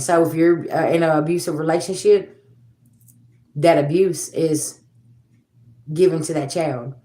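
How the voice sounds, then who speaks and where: A woman's voice: deep voice, darkish tone, reverberant. A woman in her forties hosting a livestream, talking bluntly and profanely to her viewers in a preachy, casual way. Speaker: livestream host.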